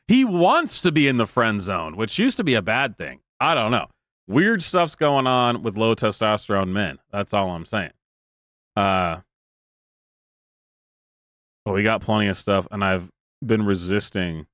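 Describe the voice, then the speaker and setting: A man's voice: on the low side, a bit bright, no echo. Sarcastic man in his thirties, dry close mic. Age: 30s. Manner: sarcastic, mocking, laughs often. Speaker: streamer reacting to clips. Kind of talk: casual live-stream commentary.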